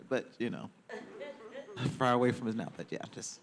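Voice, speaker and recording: A man on a discussion panel tells animated stories from his DJ and radio days, acting out the voices of people he quotes. His voice sits at a middle pitch. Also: moderate pace, gravelly.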